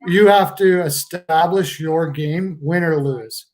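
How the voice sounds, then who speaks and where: A man's voice: fairly high pitch, slow, a little mellow. A young man hosting a casual live hockey chat, rambling and reading out viewer comments. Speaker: podcast host.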